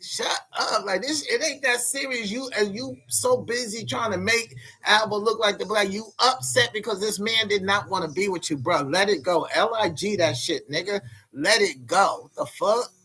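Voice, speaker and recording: A young man vents on his vlog, his voice high and a little husky. He swears freely and keeps hammering the same lines as he rants. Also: moderate pace, sharp tone. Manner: profane, heated, repetitive ranting. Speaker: vlogger. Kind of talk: ranting to camera.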